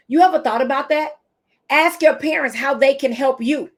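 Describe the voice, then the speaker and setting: A woman's voice: high voice, moderate pace. A middle-aged woman teacher and speaker giving a motivational talk to teachers, telling stories and repeating her key phrases.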